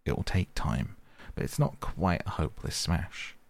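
A man voicing a sharp, practical male water rat who is fed up with his friend. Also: a bass voice, very animated, normal speed, slightly rough, full character voice.

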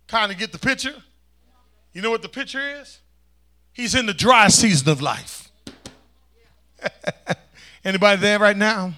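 High, bright-voiced preaching man. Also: unhurried, pauses often. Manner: call-and-response preaching, swings from loud to hushed. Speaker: pastor. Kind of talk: sermon.

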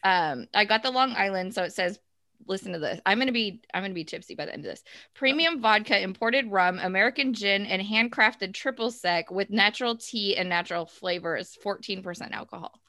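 A woman chatting casually as a podcast co-host, talkative and full of fillers, with sudden quick bursts. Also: mid-range voice, sharp tone. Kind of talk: casual chat.

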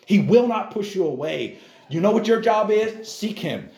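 Man preaching a Bible lesson, emphatic, a little high-pitched, roomy echo. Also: expressive, normal speed, vocal fry, a little mellow, faint music behind. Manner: emphatic, keeps addressing the listeners as guys. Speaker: Bible class teacher.

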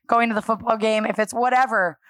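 A woman speaking at a church on a handheld microphone, giving a lively, self-deprecating sermon that acts out her talks with God. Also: a little high, a little fast, dry recording. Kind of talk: conversational sermon. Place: church stage.

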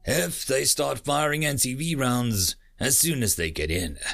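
Practical grim military captain, read by a male narrator, brisk briefing delivery, gravel in the voice. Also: mid-range voice, big pitch swings, a bit bright, soft background music, exaggerated voice.

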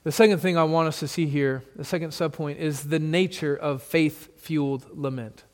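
A male pastor preaching a sermon to his church, shifting dramatically between loud emphasis and hushed, soft passages. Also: fairly high pitch, fairly even intonation, normal speed, big-room sound. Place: church sanctuary with congregation.

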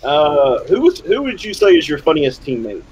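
A middle-aged man hosting an interview, a former player himself, telling stories with animated, high-voiced quotes. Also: normal speed, lo-fi sound, slight background noise. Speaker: podcast host, former player. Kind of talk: casual interview.

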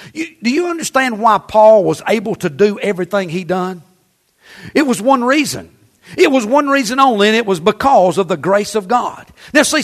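An older man preaching from the pulpit with a strikingly high voice. He leans into call-and-response with the congregation, stretching out his emphatic lines. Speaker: pastor. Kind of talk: sermon.

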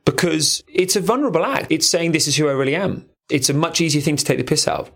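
Playful, animated podcast co-host man. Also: on the high side, fast talker. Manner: animated storyteller, playful and crude. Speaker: podcast co-host and relationship coach. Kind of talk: casual podcast chat. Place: recording studio.

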